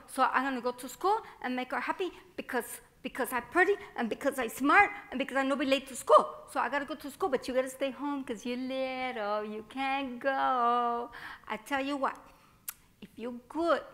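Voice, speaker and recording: A woman whose voice sits high and a little bright plays a lively little Mexican-American girl beginning first grade. The one-woman stage monologue is chatty and childlike, spoken with a Mexican-American accent and sprinkled with Spanish phrases.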